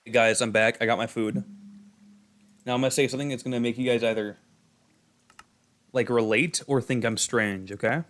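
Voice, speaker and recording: A young male streamer chatting loosely with his viewers while he plays. He rambles, trips over his words and restarts often, filling gaps with "like". His voice sits at an ordinary middle pitch. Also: fairly even intonation, moderate pace, pauses often, a bit bright. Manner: rambling, many fillers and restarts. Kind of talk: casual chat while gaming.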